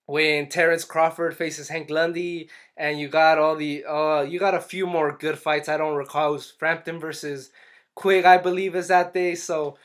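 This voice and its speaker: A man's voice: on the high side, a bit bright. A man casually reviewing a wrestling episode for his channel, rambling with frequent restarts and acting out what people said. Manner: rambling, restarts often, acts out quotes animatedly. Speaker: YouTube wrestling and boxing reviewer.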